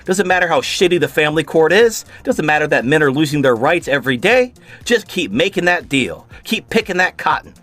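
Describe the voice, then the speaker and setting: A man's voice: on the high side, lively intonation, fairly quick, fairly bright tone, faint music behind. A man hosting a video, delivering an angry, profane rant of commentary in furious bursts. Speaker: video host reacting to a clip.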